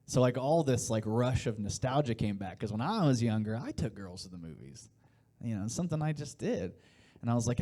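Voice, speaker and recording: A man in his late thirties from Indiana works a live stand-up set in a loose, rambling way, chatting with the crowd and laughing at his own jokes. His voice sits at an ordinary middle pitch for a man, neither high nor low. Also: lively intonation, brisk, mellow. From Indiana, USA. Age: 30s. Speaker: stand-up comedian. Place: live comedy show before an audience.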